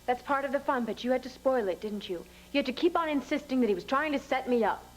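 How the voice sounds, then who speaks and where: An actress playing a hurt, resentful younger sister in a soap opera, bitter and accusing. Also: female voice, sits high, quick pace, rough recording.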